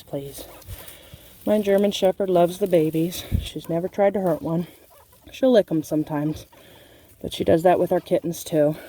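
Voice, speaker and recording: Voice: mid-range voice, warm tone, slight background noise. A small-farm owner chatting casually through a how-to demonstration, explaining as they go with plenty of ums and uhs.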